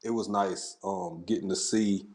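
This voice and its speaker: A man's voice: low-pitched, fairly even intonation, unhurried, darkish tone. A man hosting a casual livestream, greeting viewers in the chat one by one in a laid-back way. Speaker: livestream host. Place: home at a camera.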